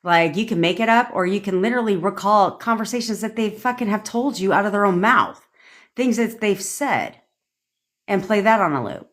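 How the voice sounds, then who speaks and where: This woman has a medium-pitched, fairly bright voice with lively intonation and a moderate pace. She's a manifestation coach livestreaming from her phone, chatting away, cursing frequently and answering viewers by name.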